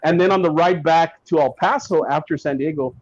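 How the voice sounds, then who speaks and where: A man guest on a podcast, telling stories in a casual, animated way and acting out what others said. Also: on the high side, a little fast. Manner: animated, acts out quotes from people in his stories. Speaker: guest comic writer. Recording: dull lo-fi sound.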